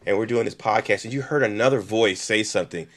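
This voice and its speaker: Podcast co-host, man, lowish nasal voice, animated casual storyteller. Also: fast talker. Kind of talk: casual chat.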